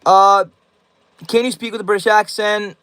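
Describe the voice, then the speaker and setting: A man's voice: high-pitched, flat delivery, moderate pace, sharp tone, clear, resonant tone, rough recording. A young man hosting a casual livestream, reading viewer comments aloud and answering them in loose, slangy rambles. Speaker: livestream host.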